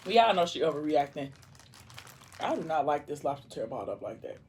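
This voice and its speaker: A woman's voice: low voice, big pitch swings, fairly quick, a little mellow, a little hiss or hum. A woman vlogger chatting casually, retelling a book's scenes while eating, reading out dialogue and leaning on "like". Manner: chatty storytelling, reads out dialogue, fillers like "like".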